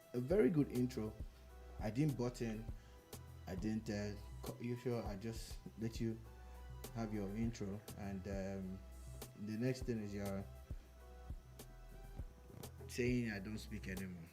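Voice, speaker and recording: A man's voice: lowish voice, slow pace, pauses often, dark tone, faint music behind. A man co-hosting a casual radio show, teasing his partner with dry, mock-offended remarks. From Nigeria.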